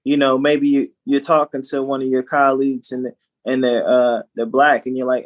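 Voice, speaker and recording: A man's voice: medium pitch, little pitch movement, normal speed. A man co-hosting a podcast in casual chat, talking animatedly with frequent restarts. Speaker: podcast co-host.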